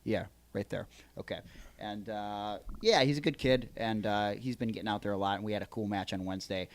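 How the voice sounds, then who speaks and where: Rambling low-voiced podcast host. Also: male voice, steady tone, a little fast. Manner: rambling, hesitant, lots of restarts and ums. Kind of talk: casual podcast chat.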